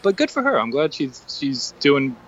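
Man, podcast co-host, dry and easygoing, mid-pitched voice, dull muffled call audio from a train. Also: sing-song, moderate pace, a bit bright. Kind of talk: casual podcast chat.

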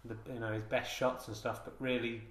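A man's voice: medium pitch, level tone, brisk, a bit bright. Rambling, mock-solemn male comedian. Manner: rambling and hesitant, with many fillers and restarts. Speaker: comedian podcast host. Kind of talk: mock-solemn comic monologue. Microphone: handheld digital recorder. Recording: roomy, echoey room sound.

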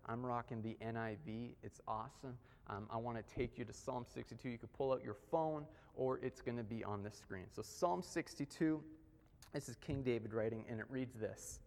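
A man's voice: medium pitch, steady tone, moderate pace, vocal fry. A man giving a casual, conversational sermon as a guest preacher, slipping in slangy asides. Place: church sanctuary. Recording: long reverb of a church hall.

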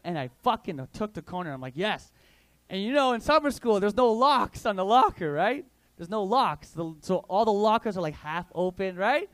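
A young man doing stand-up comedy, telling crude stories full of slang in an animated way on a club stage. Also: sits high, normal speed, dry recording.

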